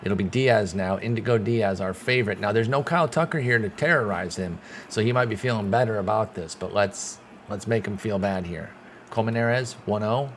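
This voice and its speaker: Low-voiced man calling a baseball sim. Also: moderate pace, slight background noise. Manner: excitable, swears when frustrated, talks to himself. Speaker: gaming channel host. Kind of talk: casual play-by-play commentary of a baseball sim.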